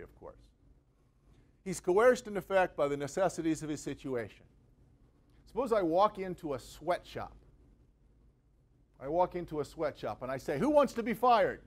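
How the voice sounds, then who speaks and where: Man with a fairly high voice, joking as he lectures. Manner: conversational, jokey, uses everyday examples. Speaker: guest lecturer. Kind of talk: university lecture. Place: university venue with a live audience.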